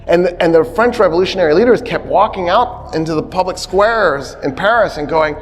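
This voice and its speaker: Animated male lecturer in a reverberant hall. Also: high-pitched, a little fast, hardly any pauses, slight background noise. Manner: animated storytelling, acting out quotes with shouts; humorous, conversational asides. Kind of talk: history lecture.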